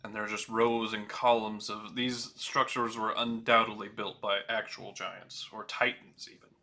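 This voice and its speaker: A man running a tabletop game as game master, describing scenes in an unhurried way with fillers. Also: fairly low pitch, little pitch movement, bright, forceful tone.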